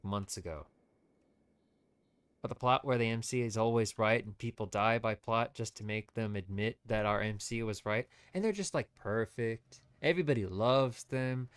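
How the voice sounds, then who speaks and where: A man's voice: mid-range voice, fairly bright tone, clean tone. A man streaming gameplay, ranting with strong opinions in loose, rambling commentary. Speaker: VTuber streamer.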